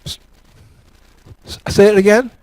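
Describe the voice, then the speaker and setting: A man's voice: high voice, steady tone, unhurried, a little mellow, no echo, rough recording. A man from New York state gives a talk and takes audience questions, folksy and joking, repeating words for emphasis. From Elmira, New York. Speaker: guest speaker.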